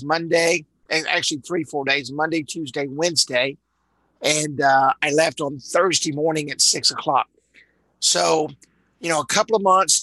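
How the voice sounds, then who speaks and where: A man's voice: fairly high pitch, sharp tone, no echo, rough recording. A man from Dallas with a Texan accent, leading a live online sales training in a rambling way, full of repeated words and uhs. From Dallas, Texas.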